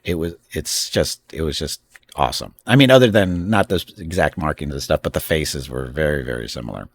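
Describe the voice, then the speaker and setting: A man's voice: extremely low pitch, animated, fairly quick. A man hosting a casual live stream from home, rambling and chatting with frequent laughs. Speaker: streamer host.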